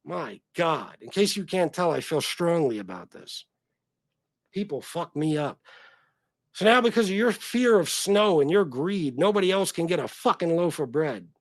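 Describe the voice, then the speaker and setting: A middle-aged livestream host from North Carolina, USA, rants angrily and profanely, his voice pitched a little high for a man. Expressive and at a normal pace, he swings from loud outbursts to low, grumbling mutters. The audio is dry and close, with no room echo.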